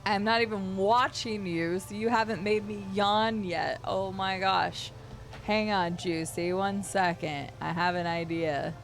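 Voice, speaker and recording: A woman's voice: lowish voice, unhurried, creaky, faint music behind. A woman streamer chatting casually and playfully with her viewers while playing a game. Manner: chatty, rambling, playful with chat. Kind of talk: casual chat while gaming.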